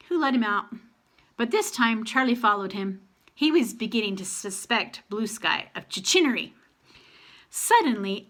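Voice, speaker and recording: A woman reading a children's novel aloud with an expressive, animated manner. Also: medium pitch. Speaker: audiobook narrator.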